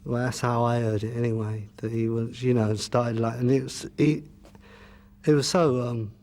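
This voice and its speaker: Looking back on his band's early years, this musician gives a relaxed, meandering interview answer filled with "you know" and false starts. He talks at normal speed in a medium-pitched, darkish voice with fairly even intonation.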